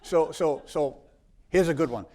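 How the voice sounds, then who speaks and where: A man's voice: fairly high pitch, measured pace, a crowd in the background. Man spinning a rambling yarn. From South Boston. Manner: rambling anecdotes with many restarts. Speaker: congressman. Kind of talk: storytelling in a live interview.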